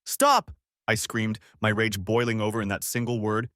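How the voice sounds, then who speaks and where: A man reading a first-person story as scripted narration, in a dramatic, expressive way. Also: on the low side, a little fast, no echo, studio quality.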